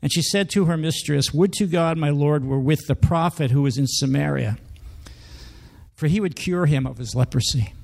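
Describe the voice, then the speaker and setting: High-voiced man preaching conversationally. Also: vocal fry. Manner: conversational, emphatic, acts out quoted speech. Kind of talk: sermon, reading scripture aloud.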